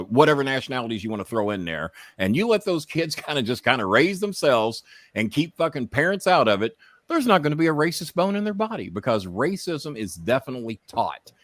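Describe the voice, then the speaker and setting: A man's voice: medium pitch, brisk, no echo. A man in the middle of his register tells blunt personal stories as a podcast guest, cursing freely and rising in heat as he rants. The sound is dry and close, with no room around it. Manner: profane, impassioned, animated when ranting. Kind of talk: candid storytelling.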